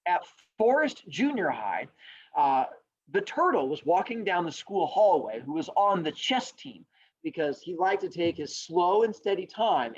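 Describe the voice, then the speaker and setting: A man's voice: on the high side, husky. A man teaching a class, explaining and telling a story in a playful, jokey way. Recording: dull lo-fi recording.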